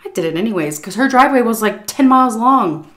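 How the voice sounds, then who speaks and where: A woman telling a casual story at her dinner table at home, chatty and full of "like" and "um", pausing now and then to eat. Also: fairly high pitch, animated, fairly bright tone. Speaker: YouTuber telling a story while eating. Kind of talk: casual storytelling over a meal.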